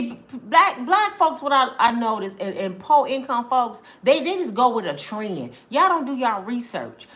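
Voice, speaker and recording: A woman's voice: fairly high pitch, fairly bright tone. A woman, ranting angrily to camera, swearing and repeating herself. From Michigan, US. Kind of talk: angry personal rant.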